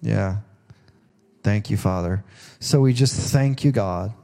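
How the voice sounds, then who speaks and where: A man's voice: fairly low pitch, slow pace, vocal fry, dark tone. A middle-aged man preaching a sermon in a folksy, conversational way, often restarting his sentences. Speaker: pastor.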